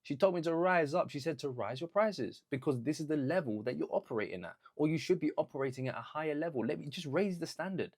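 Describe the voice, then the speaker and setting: A man's voice: a little high, lively intonation, fast talker, few pauses. A young man giving an earnest, conversational motivational talk, now and then acting out what others said to him. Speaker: vlogger.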